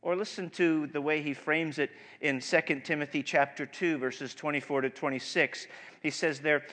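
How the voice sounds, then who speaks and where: A male pastor preaching a sermon, animated and emphatic, with frequent restarts and swings between loud and soft. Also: a little high, moderate pace. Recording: long hall reverb.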